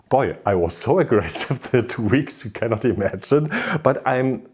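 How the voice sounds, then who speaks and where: A man with a German accent hosting a crochet tutorial, telling his story with animated exasperation. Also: medium pitch, unhurried, slightly rough. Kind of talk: casual tutorial talk.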